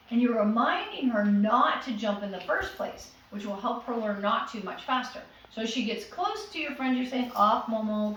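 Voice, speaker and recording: A woman's voice: fairly high pitch, far from the mic, slight background noise. A woman working as a dog trainer, patiently explaining commands to a puppy's owners and acting out what to say. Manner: patient, instructive, acts out commands and dialogue. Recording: echoey room, voice from off-mic.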